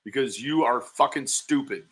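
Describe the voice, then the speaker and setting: A man's voice: medium pitch, normal speed, noisy background. A man hosting a livestream, reacting to a played clip with profane, mocking insults and thanking his viewers. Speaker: livestream commentator.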